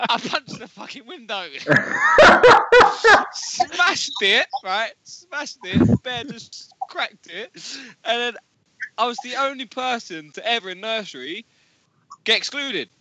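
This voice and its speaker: Lively bright-voiced man telling swear-laden stories, dry close mic. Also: extremely high pitch, takes it slowly, dry recording, poor audio. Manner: laughing, swearing, rambling anecdotes. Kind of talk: casual storytelling chat.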